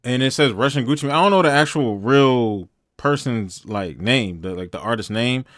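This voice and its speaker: A man's voice: mid-range voice, moderate pace, fairly bright tone, dry recording, studio quality. A man giving blunt, slangy, sarcastic commentary while reacting to a video.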